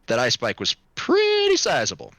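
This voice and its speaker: A man acting as game master on a live stream, his pitch leaping around with excitement and his tone bright and sharp. He talks casually and swears freely, and his voice sounds close and dry. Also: moderate pace, no echo. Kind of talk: running a tabletop game on stream.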